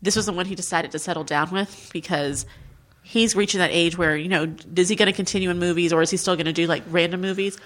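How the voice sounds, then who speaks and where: A woman's voice: on the low side, steady tone, fast, a bit bright. A woman co-hosting a podcast in casual gossip chat, chatty and often laughing, acting out quoted voices. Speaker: podcast co-host.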